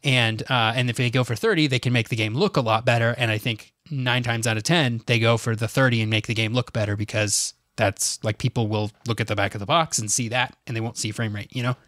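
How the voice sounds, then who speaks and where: A man's voice: mid-range voice, fairly even intonation, brisk, few pauses, fairly bright tone, no room sound, studio quality. A man co-hosting a podcast in casual chat, easygoing and hesitant, with lots of fillers. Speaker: podcast co-host.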